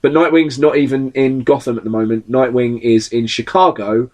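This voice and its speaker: Animated, swearing male podcast host. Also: medium pitch, normal speed. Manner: animated, swears often, acts out characters' lines. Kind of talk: casual comic book chat.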